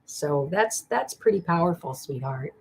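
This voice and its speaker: A woman's voice: on the low side, lively intonation, measured pace, gravelly, breathy edge. A woman giving live tarot readings to viewers, affectionate and rambling, often laughing and getting emotional. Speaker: tarot card reader. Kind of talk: live-stream card reading.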